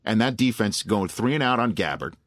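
Emphatic New sports talk host, dry. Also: male voice, lowish voice, brisk, no echo. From New York. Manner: emphatic, animated storyteller.

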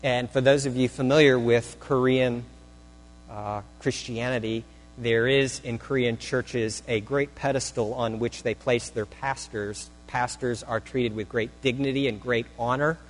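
A man preaching a Sunday sermon in an easygoing, conversational way, slipping in self-deprecating jokes. His voice sits at an ordinary middle pitch. A faint mains hum runs under the recording. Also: fairly even intonation, a little slow, poor audio. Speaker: pastor.

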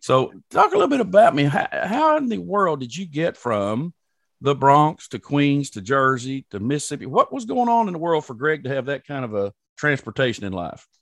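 A man's voice: on the high side, sing-song, moderate pace, gravelly, a bit bright, dry recording, clean studio sound. A man from Oklahoma with a Southern US accent, hosting a casual interview chat and telling folksy stories with frequent laughs. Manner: folksy storyteller, laughs often. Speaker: podcast host.

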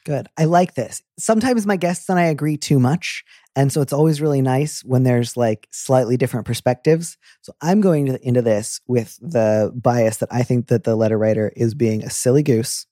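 A man's voice: medium pitch, dark tone, no room sound, studio quality. A man hosting an advice show in a casual, joking chat. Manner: playful, joking, quick asides. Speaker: advice podcast host.

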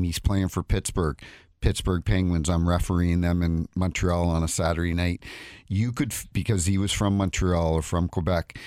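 A man's voice: low voice, a little mellow, dry recording. A man in his fifties, a former hockey referee, telling stories in a casual radio studio interview and often repeating his words. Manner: chatty, tells anecdotes, repeats words. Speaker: guest, former NHL referee.

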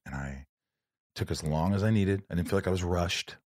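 Deep-voiced man telling a story. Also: a little fast, no echo, studio quality. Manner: animated storyteller acting out dialogue. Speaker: podcast host. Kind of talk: casual storytelling chat.

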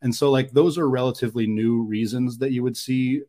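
A man's voice: mid-range voice, fairly even intonation, brisk, warm tone. A man with a mid-range voice co-hosting a casual sports chat. He thinks aloud and muses, filling his talk with likes and restarts. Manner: thoughtful, musing, many fillers. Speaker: podcast co-host.

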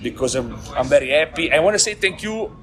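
An Italian man, a team manager, speaking in halting, broken English with many restarts and frequent laughs in a post-race interview. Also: fairly high pitch, lively intonation, a crowd in the background.

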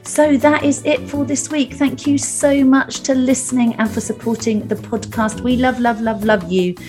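A woman's voice: a little high, fairly even intonation, moderate pace, a little mellow, faint music behind. A woman hosting a podcast, interviewing a guest in a teasing, freely swearing way, then reading the outro. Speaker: podcast host.

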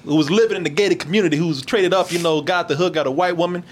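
A man's voice: on the high side, rapid-fire. A man chatting casually about a movie, laughing and swearing as he acts out scenes. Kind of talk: casual movie review chat.

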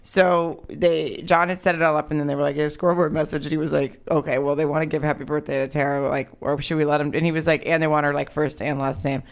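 Woman podcast co-host, lively anecdote-teller, casual and profane. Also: low voice, fast talker, few pauses. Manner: animated storyteller, swears and laughs often.

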